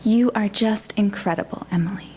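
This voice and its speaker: A woman voicing her ninety-three-year-old grandmother, gushing with slow, effusive praise. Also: medium pitch, background noise, lightly acted. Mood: doting.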